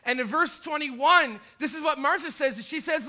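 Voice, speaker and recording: In church, a man preaches an impassioned sermon, acting out the pleas of people he quotes with mounting intensity. His voice is extremely high, pushed and bright, moving at normal speed with few pauses.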